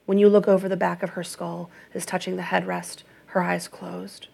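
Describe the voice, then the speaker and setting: A woman narrating a literary audiobook in the second person, with a measured, even and restrained reading. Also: on the low side, creaky, breathy edge.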